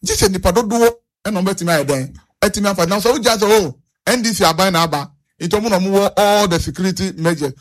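In a street interview about national issues, a man with a Ghanaian accent makes earnest points, repeats himself, and switches between Twi and English. His voice is high-pitched and fast.

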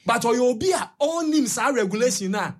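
A woman with a Ghanaian accent chatting on a radio show, telling animated stories and switching between Twi and English. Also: a little high, normal speed, husky. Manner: animated storytelling, code-switching. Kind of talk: casual chat mixing Twi and English.

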